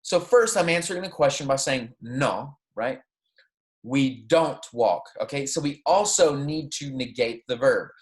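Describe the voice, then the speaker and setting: A man teaching a recorded Spanish class. He explains in English, says Spanish phrases slowly as examples, and keeps checking in with "right?" and "okay". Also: medium pitch, expressive.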